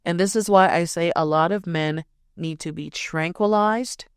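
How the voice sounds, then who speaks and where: A woman's voice: fairly low pitch, moderate pace, clean tone, dry recording, studio quality. A young woman hosting a podcast, telling a personal story in a blunt, profane, emphatic way. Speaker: podcast host. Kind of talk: casual storytelling.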